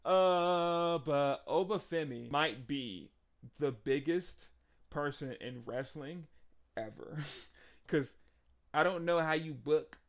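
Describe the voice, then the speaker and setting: A young man giving an excitable, casual recap of a wrestling match, laughing often and acting out the wrestlers' lines. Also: medium pitch. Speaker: wrestling show reviewer.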